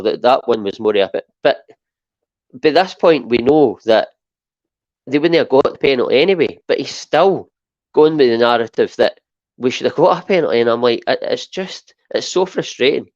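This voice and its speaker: A Scottish man holds forth in casual podcast chat, building his points with emphatic "right?" tags. His voice sits at an ordinary pitch. The recording is dry and a little muffled. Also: animated, moderate pace, dry recording. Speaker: podcast co-host.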